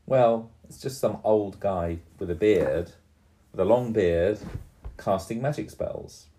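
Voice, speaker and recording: A man in his fifties narrating a tabletop game for a small child in a slow, gentle storytelling voice, often pausing to ask her questions. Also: on the low side, slight background noise. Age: 50s. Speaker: game master.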